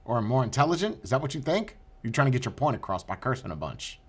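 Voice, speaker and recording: A man's voice: mid-range voice, sing-song, fast, slightly rough. A man hosting a podcast, reacting to protest clips with incredulous questions and stammering restarts. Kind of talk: commentary over video clips.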